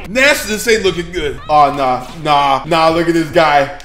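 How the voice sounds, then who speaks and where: A gaming YouTuber with a fairly high voice gives excited gameplay commentary at a moderate pace, trash-talking and swearing. He drops to mutters, then erupts into shouts, in a reverberant space with faint music behind him.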